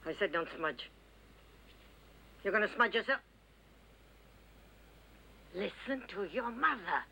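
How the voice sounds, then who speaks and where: A woman's voice: mid-range voice, expressive, takes it slowly, creaky, bright, forceful tone, slightly rough, full character voice, poor audio. A scolding older mother. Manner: nagging, scolding. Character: sharp-tongued older mother, scolding and bossy. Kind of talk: dubbed film acting.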